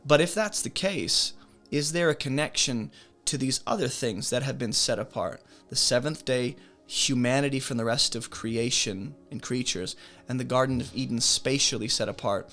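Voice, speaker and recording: A man's voice: mid-range voice, fairly bright tone. Man teaching Bible study through questions. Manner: posing question after question.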